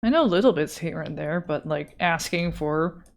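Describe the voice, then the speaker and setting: A woman's voice: low-pitched, expressive, normal speed, creaky. A young adult woman streamer chatting casually and self-deprecatingly while drawing live, swearing now and then and reading chat aloud. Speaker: art streamer.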